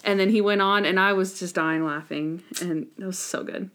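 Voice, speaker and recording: A woman's voice: medium pitch, fairly even intonation, moderate pace, fairly bright tone. A woman co-hosting a casual recap chat, talking enthusiastically and dropping in lots of "like". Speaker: podcast co-host.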